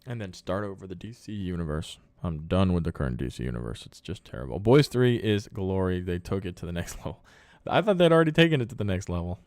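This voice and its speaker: Low and a little mellow, this man's expressive voice races along with few pauses, and there's no echo. Hosting a relaxed live podcast, he cheerfully reads out viewer comments, thanks the audience, and responds to questions as they come.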